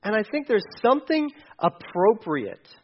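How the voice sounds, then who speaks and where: A male pastor preaching a sermon in a conversational way, moving between soft asides and loud, emphatic readings. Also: sits high, huge pitch swings, normal speed, husky, dull audio.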